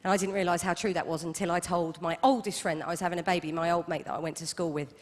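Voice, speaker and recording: A woman in her thirties performing a stand-up comedy set with wry, deadpan asides. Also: on the low side, racing. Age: 30s. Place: comedy club stage. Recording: reverberant live club hall. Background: audience laughter.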